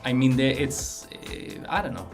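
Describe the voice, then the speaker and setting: A man's voice: medium pitch, animated, a little slow, soft background music. A man with a Swedish accent, a guest chatting casually on a livestream, hesitant and often repeating his words. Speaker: guest playing card designer.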